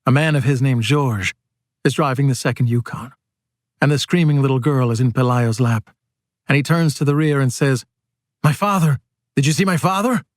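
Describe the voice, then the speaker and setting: A male audiobook narrator with a mid-range voice reads in a steady, measured way. The sound is close and dry, with no room around it. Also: medium pitch, dry recording.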